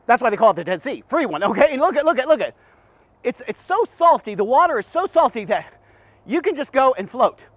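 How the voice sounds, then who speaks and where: A man giving a rambling devotional talk, stammering and repeating himself with animated asides. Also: very high-pitched, no room sound. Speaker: devotional podcast host.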